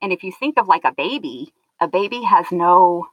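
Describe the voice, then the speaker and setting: A woman's voice: lowish voice, animated, normal speed, no echo. A woman guest in a conversational interview, earnest and explanatory, often looping back mid-thought. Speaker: guest sharing her story. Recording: dull lo-fi sound.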